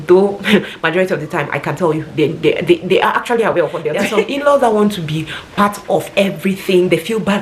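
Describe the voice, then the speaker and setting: A woman's voice: on the low side, fast, slight background noise. A woman talking casually and earnestly, giving rambling advice like a vlogger.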